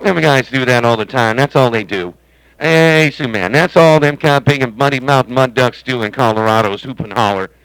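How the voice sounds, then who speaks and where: A man's voice: medium pitch, brisk, fairly bright tone, slight background noise, rough recording. A man hosting a CB radio stream from his home base station, chatting in a rambling, joking, folksy way. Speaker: CB radio operator and stream host. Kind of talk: casual radio chat.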